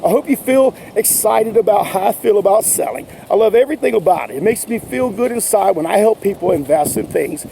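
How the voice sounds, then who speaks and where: A man's voice: high voice, brisk, creaky, hardly any pauses, dark tone, slight background noise, poor audio. A man giving an enthusiastic, folksy sales pep talk as a sales coach, repeating his points. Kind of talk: motivational talk to camera.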